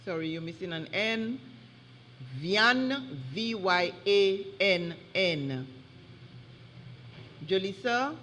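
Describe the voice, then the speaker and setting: A woman reading out words slowly and deliberately as a spelling bee pronouncer, correcting wrong spellings. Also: mid-range voice, lively intonation, fairly bright tone, slight background noise. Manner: slow and deliberate, drawing out each word. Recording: long hall reverb.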